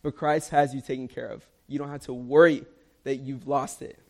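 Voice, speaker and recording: A man's voice: medium pitch, level tone, normal speed. A young man preaching a sermon, earnest and emphatic, repeating key lines for stress.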